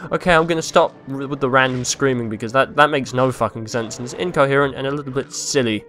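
A young man commentating a video game he is playing, rambling and crude, mocking himself and breaking into silly yells. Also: mid-range voice, a little fast, clear, resonant tone, soft background music. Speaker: let's play host.

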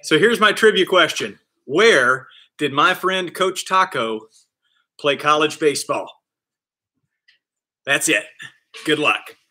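A man's voice: a little high, takes it slowly, pauses often. A man leading a live online kids' PE class, cheering kids on and counting reps with playful energy. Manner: shouts with excitement during exercises. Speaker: kids PE coach.

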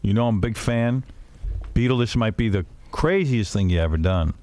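A man's voice: on the low side, animated, normal speed, a little mellow. A man hosting a radio talk show, needling a guest with teasing questions.

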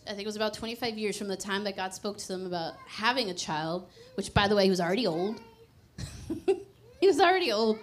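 A young adult woman preaching a sermon in a casual, conversational way, often laughing and stressing words playfully. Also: medium pitch. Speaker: pastor.

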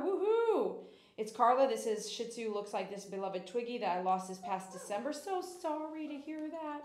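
Woman, fairly high voice, dog groomer, coaxing baby talk, cheery live-stream chat, roomy echo. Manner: cheery, loud sign-off reading viewer comments. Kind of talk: soft talk to a dog while grooming, then upbeat chat with live viewers.

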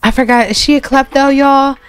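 A woman's voice: sits high, fairly even intonation, a little fast. A woman hosting a gaming channel, chatting casually and laughing as she narrates gameplay to her viewers. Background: soft music.

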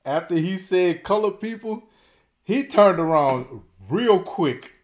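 Male reaction host: slangy, exclaiming, slow-paced, voice rising and falling a lot. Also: high-pitched, animated. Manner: slangy, exclaiming, laughing often. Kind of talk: casual reaction commentary.

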